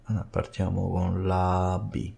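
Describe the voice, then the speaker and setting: A man's voice: low voice, completely flat delivery, normal speed, gravelly, dark tone. An Italian man casually commenting as he plays a video game, musing aloud over which choice to pick. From Italy. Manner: musing, talks through his choices. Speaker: let's play host.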